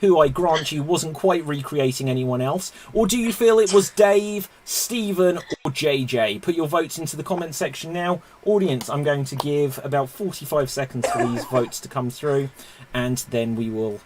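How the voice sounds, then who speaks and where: A man hosts a live online comedy show over a video call, running the rounds in an upbeat, announcing way. His voice sits fairly high, with a faint hiss of noise under it. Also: darkish tone. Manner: upbeat, announcing, quick to laugh. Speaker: host.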